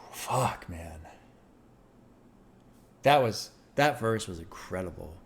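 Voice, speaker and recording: Male music reaction host, casual unscripted commentary, emphatic and profane, thinks out loud. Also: low-pitched, animated, extremely slow, background noise.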